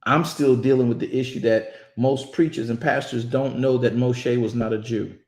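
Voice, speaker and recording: A man's voice: medium pitch, fairly even intonation, moderate pace, darkish tone, echoey room. A man hosting an online Bible study, talking in an emphatic, preachy way and calling his listeners y'all.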